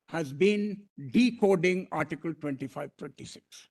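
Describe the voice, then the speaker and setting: High-voiced Indian man arguing in court. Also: very animated. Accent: Indian English. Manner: deferential, repeatedly addressing the bench as my lord; emphatic, with halting restarts. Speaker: senior advocate arguing before a court bench. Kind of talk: formal courtroom argument.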